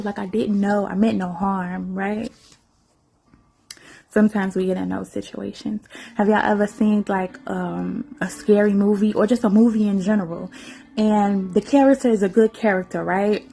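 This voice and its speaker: A woman's voice: medium pitch, fairly even intonation, normal speed, vocal fry, darkish tone, breathy edge, soft background music. A woman vlogger giving an emotional, rambling spoken-word monologue, laughing often and repeating her phrases.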